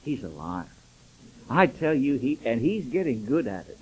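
A man's voice: mid-range voice, sing-song, moderate pace, poor audio. An older man, a pastor, preaching a sermon and acting out dialogue as he tells stories.

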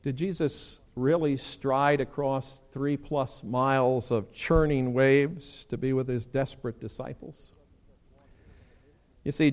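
A man preaching a sermon as pastor, animated, acting out quoted lines with sudden leaps in pitch.

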